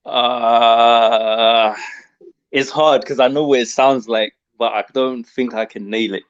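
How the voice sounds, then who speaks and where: A man with a British accent chatting casually as a guest, easygoing and quick to laugh. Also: mid-range voice, steady tone, highs cut off. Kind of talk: casual chat.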